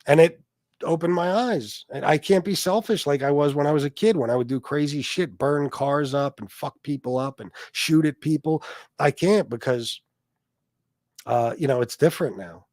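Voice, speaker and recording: A man's voice: on the high side, normal speed, darkish tone, dry recording, studio quality. A man hosting a casual livestream, telling stories and talking in a blunt, profane way while answering his chat. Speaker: livestream host reading chat.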